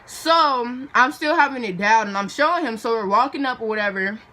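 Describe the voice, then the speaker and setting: A woman's voice: on the high side, expressive, fairly quick, sharp tone, slight background noise. Dramatic chatty young woman. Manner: chatty and dramatic, filler-heavy, acts out voices. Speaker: vlogger. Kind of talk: storytime vlog.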